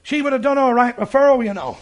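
High-voiced preacher. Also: male voice, fast talker, lo-fi sound. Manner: fervent, rising to shouts. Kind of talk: sermon storytelling.

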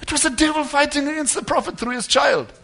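A man preaching a sermon to a congregation, emphatic, swinging between loud declarations and quiet asides. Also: very high-pitched, fast talker, creaky.

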